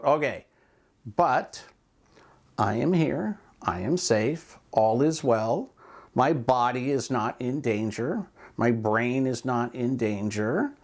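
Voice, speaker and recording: A man speaking in a calm, reflective way as he walks through a mindfulness idea. His pitch sits in the middle range for a man. He often drifts into asides and examples of his own inner talk. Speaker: speaker and coach.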